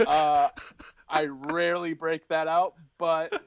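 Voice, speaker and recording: A man's voice: medium pitch, moderate pace, dry recording, muffled recording. A man co-hosting a casual podcast, bantering playfully. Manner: animated, laughs often, playful banter. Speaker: podcast co-host.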